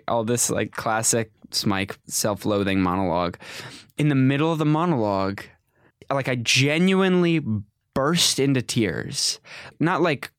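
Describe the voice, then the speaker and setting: A man in his twenties, an actor, telling stories from his career in a casual interview, rambling and animated, with many restarts and self-corrections. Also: medium pitch, smooth, no echo, studio quality. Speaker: actor, guest.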